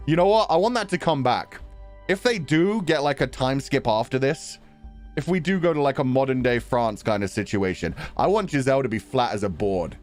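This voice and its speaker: A man's voice: medium pitch, animated, fairly quick, a little mellow, faint music behind. A man commenting casually on a visual novel as a streamer, laughing, crude and teasing.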